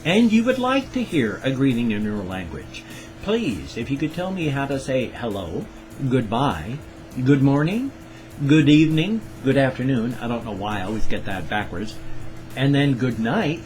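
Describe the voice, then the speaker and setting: A man's voice: mid-range voice, very animated, normal speed, a little mellow, faint music behind, rough recording. An older man from the Pacific Northwest with its accent, chatting in a rambling, self-correcting way in a casual solo vlog. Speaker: vlogger.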